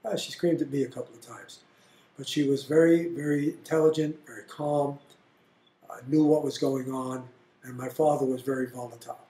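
A man's voice: mid-range voice, normal speed. Blunt older man telling stories, roomy. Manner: animated, blunt storyteller. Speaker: interviewee. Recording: roomy echo.

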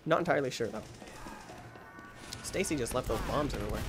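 Excitable man yelping over a shooter game. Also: high voice, fairly quick, over music. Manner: excitable, yelps and shouts when frustrated, self-mocking. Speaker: gaming channel host. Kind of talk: let's play commentary.

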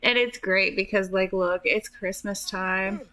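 A woman's voice: medium pitch, steady tone, measured pace, bright, forceful tone, poor audio. A woman giving casual, chatty commentary while playing a life-simulation game, full of fillers and giggles. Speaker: gaming youtuber.

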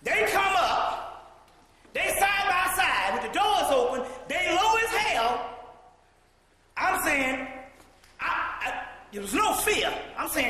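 High, bright-voiced man lecturing loudly. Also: slow. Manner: animated, profane, bursts into shouting and laughter. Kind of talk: profane storytelling lecture. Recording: echoey hall recording.

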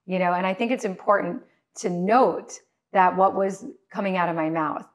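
A woman appearing as a podcast guest tells a personal story in conversation, speaking earnestly and with emotion. Her voice is lowish and her pace moderate.

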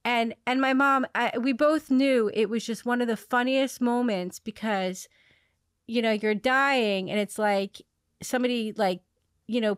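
A woman hosting a podcast, telling a long story in a rambling way, with many fillers and restarts, laughing at her own dark humor. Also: a little high, clean tone, no echo, studio quality. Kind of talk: casual conversational storytelling.

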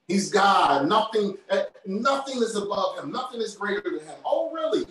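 Slow, emphatic male preacher in an echoey hall. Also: high-pitched, expressive, a bit bright, slight background noise. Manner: emphatic, repeats key phrases. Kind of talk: sermon. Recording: very echoey, from far off.

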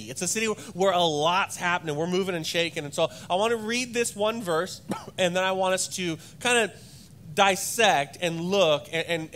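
Pastor, man, 30s: high, bright voice, rambling and animated, lots of false starts, faint rumble under it. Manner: rambling, repeats words, animated storytelling. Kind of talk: sermon. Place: church stage.

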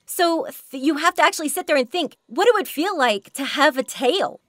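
A hoarse woman giving a chatty workshop talk on voice acting, laughing often as she goes. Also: sits high, expressive, moderate pace, no room sound, studio quality. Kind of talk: workshop presentation.

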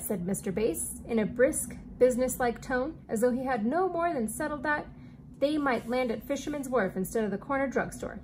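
A woman teacher reads a children's book aloud in a steady, clear storytelling voice. Her pitch sits a little high, with a faint hiss of noise underneath. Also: fairly quick.

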